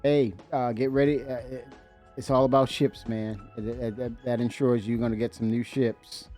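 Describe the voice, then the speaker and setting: A man hosting a livestream in casual chat, excitable and rambling, laughing often and filling pauses with "uh". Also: medium pitch, faint music behind. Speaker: livestream host.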